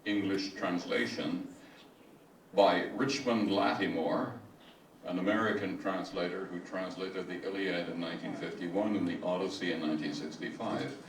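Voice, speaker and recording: An older man giving a slow, digressive, self-deprecating talk about reciting ancient verse, as an amateur classics reciter. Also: sits low, fairly even intonation. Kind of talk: spoken lecture with recitation. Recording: echoey room, mic at a distance, faint hiss.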